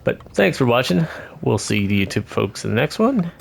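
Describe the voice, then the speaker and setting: A man streams a video game, joking at his own expense and laughing at himself as he chats casually. His mid-range voice is gravelly and very animated, moving at normal speed, with faint music in the background.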